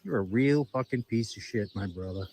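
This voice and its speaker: A man's voice: fairly low pitch, normal speed, darkish tone, slight background noise. Profane taunting man outdoors with birds. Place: outdoors by a garden grave.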